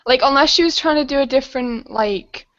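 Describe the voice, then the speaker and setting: A woman's voice: high voice, brisk, fairly bright tone. A young British woman in a casual chat, ranting bluntly, swearing and laughing often. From Britain. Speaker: guest. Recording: dull lo-fi recording.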